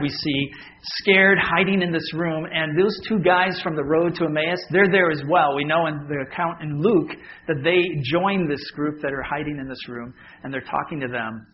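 A man's voice: on the high side, muffled recording, a little hiss or hum. A man preaching a sermon as pastor, talking casually and joking with his congregation.

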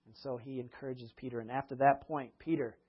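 Male preacher, husky, lively storyteller who laughs often; dull lo-fi recording. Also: mid-range voice, a little fast. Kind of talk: sermon retelling Bible stories.

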